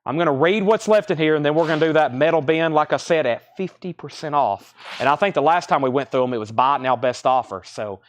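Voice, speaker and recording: A young man hosting a live record sale, rambling casually between quick price call-outs. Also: fairly high pitch, animated. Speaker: record store host running a live sale. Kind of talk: casual livestream sales patter.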